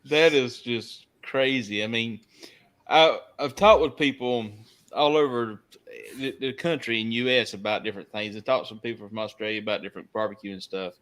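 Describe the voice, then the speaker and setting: A man's voice: mid-range voice, moderate pace, a bit bright. A man hosting a barbecue podcast, asking his guest easygoing questions and musing aloud. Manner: easygoing, asks open questions and muses aloud. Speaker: podcast host. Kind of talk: casual interview chat.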